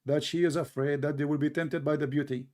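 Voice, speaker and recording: A man's voice: a little high, fairly even intonation, fairly quick, a little mellow. A man hosting a debate, speaking combative, sarcastic English that is not his first language. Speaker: debate host. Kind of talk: mocking religious debate.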